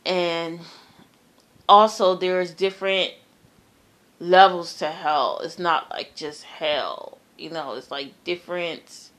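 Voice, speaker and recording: A woman shares a personal dream in slow, drawn-out phrases, her voice sitting a little low. She halts, repeats words and trails off softly, but turns emphatic when she stresses the terror. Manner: earnest, emphatic about the terror. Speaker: storyteller sharing a personal dream. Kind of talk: casual personal testimony.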